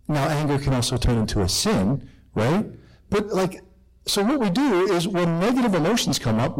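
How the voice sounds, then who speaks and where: Middle-aged male priest, animated testimony talk, slightly high-pitched, swings loud to hushed. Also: poor audio. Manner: animated, self-deprecating, jumps between loud and hushed. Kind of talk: personal testimony talk to students.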